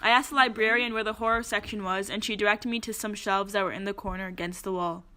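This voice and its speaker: A young woman chatting with friends and reading riddles aloud, loud and giggly, swearing often. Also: mid-range voice, steady tone, fast.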